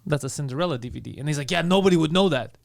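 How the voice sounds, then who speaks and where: A man's voice: fairly high pitch, creaky. A man co-hosting a comedy podcast, telling a story in casual comic style and acting out the lines of his friends. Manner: rapid, animated, acts out quoted friends. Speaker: podcast co-host.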